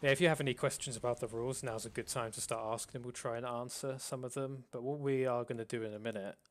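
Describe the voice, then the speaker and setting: A man hosts a casual live stream and walks viewers through game rules. His voice sits at an ordinary pitch, and he calls it monotone himself. He talks with plenty of fillers and restarts. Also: fast. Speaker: host.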